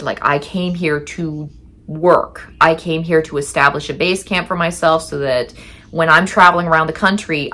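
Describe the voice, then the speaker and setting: A woman's voice: sits low, a bit bright. A woman telling a candid first-person story in a chatty way, acting out what she said back then and cursing now and then. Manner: chatty and candid, swearing, reenacting her own past lines. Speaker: storyteller recounting her past.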